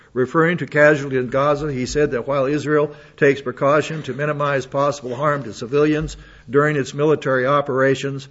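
A man reading news articles aloud and adding his own comments and asides. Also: mid-range voice. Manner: reads aloud with asides and restarts. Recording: dull lo-fi audio.

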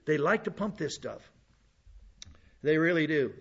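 A man's voice: a little high, big pitch swings, measured pace, vocal fry, long pauses, fairly bright tone, slightly rough, lo-fi sound. Blunt, folksy preaching man. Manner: blunt, conversational preaching with repeated restarts. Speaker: pastor teacher. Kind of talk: sermon.

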